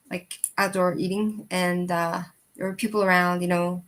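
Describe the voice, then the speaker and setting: A thirty-something channel host with a low voice and vocal fry recounts a personal story in a casual, chatty way. It's animated and rambling, full of fillers, and she laughs between her sentences.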